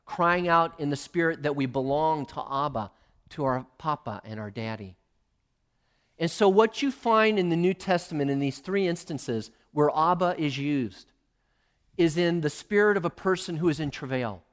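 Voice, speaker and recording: A male preacher giving a sermon, emphatic and swinging between loud and hushed. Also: fairly high pitch, lively intonation, normal speed.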